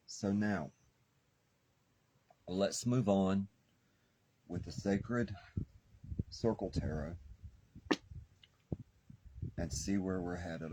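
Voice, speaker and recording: A man's voice: deep voice, very slow, long pauses, dark tone, husky, poor audio. A man doing a spiritual tarot reading, speaking fervently like a preacher and repeating phrases for emphasis. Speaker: tarot reader.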